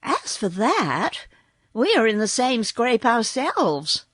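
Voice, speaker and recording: A woman's voice: sits high, wildly swooping pitch, takes it slowly, slightly rough, no room sound, studio quality, voice pushed up, heavily acted. A woman doing a plucky cheerful little girl. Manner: bright and reassuring.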